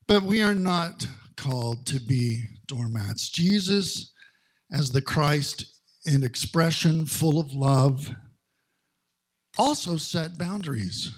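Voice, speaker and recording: A middle-aged male minister giving a sermon, telling personal stories in a slow, conversational way with wry humor. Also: a little high, animated.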